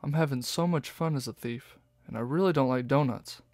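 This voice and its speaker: A man voicing a charming male raccoon master thief in a storybook, talking smoothly and teasingly. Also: medium pitch, brisk, darkish tone, no room sound, clean studio sound, close to an everyday voice.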